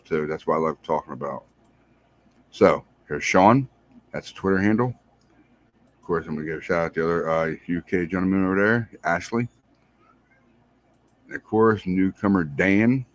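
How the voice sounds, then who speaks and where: Deep-voiced man giving rambling shout-outs. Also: brisk, pauses often. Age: adult, married. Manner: rambling, repeats himself, friendly. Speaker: podcast host. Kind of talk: casual shout-outs to listeners.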